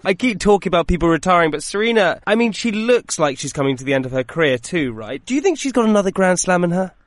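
A man's voice: high-pitched, very animated, fast talker, no room sound, clean studio sound. A man with an English accent co-hosting a radio show, upbeat and playful. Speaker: co-host.

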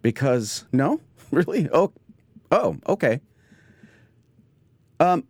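Excitable male podcast host, rambling comedic monologue, lively swooping pitch, dry close mic. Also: slow pace, creaky, pauses often, no room sound. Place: home studio.

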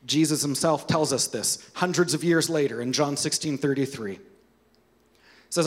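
A man's voice: a little high, moderate pace, in a large hall. A man preaching a sermon, earnest and conversational, asking his listeners rhetorical questions. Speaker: pastor.

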